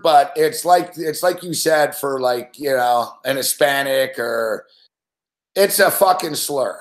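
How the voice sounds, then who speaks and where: A man's voice: on the high side, a little slow, roomy sound. A man hosting a sports betting show live, ranting in a casual, profane, rambling way and laughing often. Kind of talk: casual live-stream rant.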